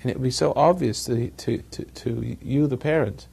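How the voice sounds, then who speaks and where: A man's voice: medium pitch, moderate pace, gravelly, darkish tone, breathy edge. A man giving a rambling talk to a live audience, chuckling at his own jokes as he tells stories. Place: evening gathering with an audience.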